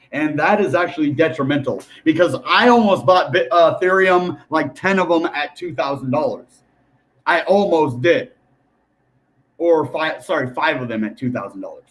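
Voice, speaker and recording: A young man talks through price charts in a loose, rambling way. He sounds animated and chatty, with a voice pitched a little higher than most men. He speaks straight to his viewers like a regular host. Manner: animated, rambling, addresses viewers as guys and dude. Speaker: crypto YouTuber. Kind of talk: casual chart commentary to camera.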